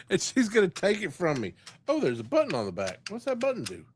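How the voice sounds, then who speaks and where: A man's voice: sits high, slight background noise. A man hosting a casual live stream, rambling and joking with frequent laughter. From southern United States.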